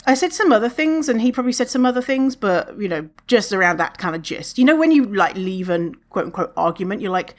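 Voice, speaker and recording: A woman's voice: mid-range voice, animated, a little fast, hardly any pauses. A woman hosting a podcast, telling a story in a chatty, candid way and swearing freely. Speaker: podcast host. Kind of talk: casual storytelling monologue.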